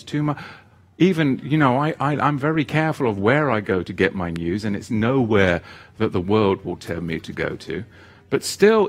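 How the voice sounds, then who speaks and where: With a mid-range voice, a man preaches a sermon emphatically and repetitively. He swings from loud exhortation to quieter asides.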